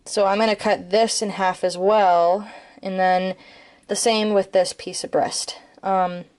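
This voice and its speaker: American woman vlogging while she cooks, chatty and rambly, lots of ums, middle pitch. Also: little pitch movement, a little slow, a little mellow. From United States. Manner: rambling, chatty, with frequent ums and self-corrections. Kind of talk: casual cooking vlog chat.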